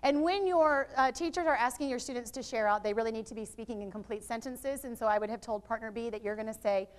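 A woman presenting a literacy workshop to teachers, lively and quizzing her live audience with questions. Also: on the high side, quick pace, few pauses. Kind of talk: interactive teacher training workshop. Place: training room with live audience.

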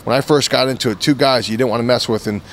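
Casual male guest, mid-pitched voice, rambling storyteller, lots of restarts, faint background noise. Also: fairly even intonation, quick pace, fairly bright tone. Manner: rambling anecdotes full of "you know" and restarts. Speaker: interview guest, former fighter.

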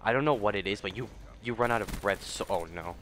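A young man with a slightly low voice narrates his own gameplay in a loose, rambling way. His talk drifts between topics, then he breaks into sudden profane jabs at other players. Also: fairly quick, fairly bright tone, soft background music. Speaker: gaming YouTuber and streamer. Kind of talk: casual gameplay commentary.

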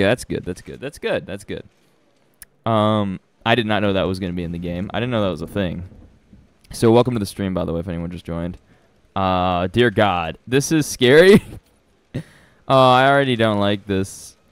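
A nervous young man chatting through a live horror game stream, rambling and laughing at himself. His voice sits a bit low and comes through smooth and clear. The sound is dry and close, with no room echo. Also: normal speed. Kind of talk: live gameplay commentary.

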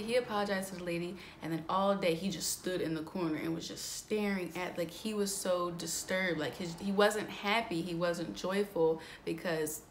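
A woman's voice: mid-range voice, a bit bright. Young female vlogger, mid-range voice, chatty and candid, lots of fillers, light background noise. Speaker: astrology vlogger. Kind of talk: casual storytelling vlog.

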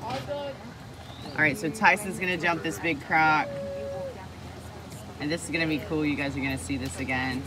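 A woman hosting a live-stream vlog from a small boat on a crocodile lake, chatty and excitable, greeting and thanking viewers. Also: low voice, moderate pace, pauses often. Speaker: vlog host. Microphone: phone held by the speaker. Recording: loud boat engine noise outdoors.

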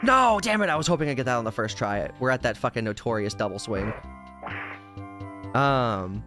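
A man's voice: lowish voice, moderate pace, a bit bright. A man streaming a video game, telling a long, tangential personal story in casual chat and swearing freely. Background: game music.

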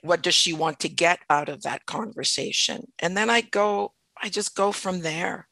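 A woman's voice: lowish voice, moderate pace, creaky, bright, forceful tone, no room sound. A middle-aged woman from French Canada, an actor telling her career story as a podcast guest, thoughtful and often restarting her sentences. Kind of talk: casual interview storytelling.

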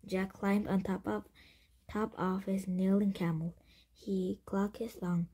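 A woman reading a children's chapter book aloud, breathy and often whispered, with frequent slips and restarts. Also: medium pitch, flat delivery, unhurried, mellow. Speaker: story reader.

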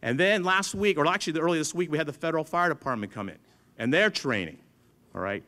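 A man's voice: a little high, animated, fast talker, sharp tone. A middle-aged man, a museum chief engineer, telling stories to an audience and acting out dialogue. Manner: storytelling, acts out dialogue with others. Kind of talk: animated speech to an audience.

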